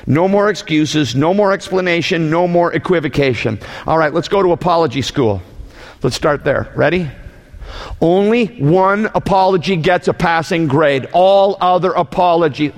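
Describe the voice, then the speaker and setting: A man preaches with lively emphasis, his fairly high voice gravelly at the edges. He slips into mocking put-on voices and breaks out into shouts. The sound carries a long reverb from a church hall. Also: normal speed. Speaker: pastor. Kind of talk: sermon.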